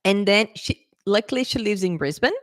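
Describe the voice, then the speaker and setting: A woman's voice: medium pitch, normal speed, no room sound, clean studio sound. Chatty woman teacher telling a story. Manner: chatty, animated, laughs often, acts out quotes. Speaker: English teacher. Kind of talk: casual storytelling lesson to camera.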